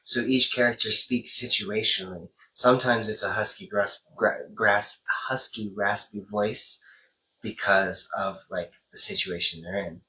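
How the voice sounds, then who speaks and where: A young man in a relaxed chat with a friend, his voice a touch low but bright and forward. He thinks aloud, restarts his sentences and exclaims when something surprises him. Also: unhurried, a little hiss or hum, low-quality recording. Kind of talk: casual chat.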